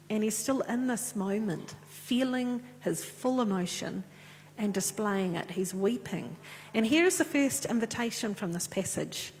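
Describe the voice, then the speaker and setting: A woman preaching a sermon and reading scripture in an earnest, conversational way. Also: mid-range voice. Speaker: pastor. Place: church. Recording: echoey church with faint hum.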